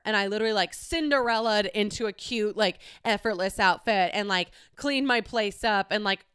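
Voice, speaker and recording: A woman's voice: medium pitch, brisk, a bit bright, clean tone, no room sound, clean studio sound. A young adult woman hosting her own podcast, talking alone in a casual, candid way, full of "like" and the odd swear word. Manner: chatty, candid, peppered with "like" and swearing. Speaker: podcast host. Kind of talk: casual solo podcast monologue.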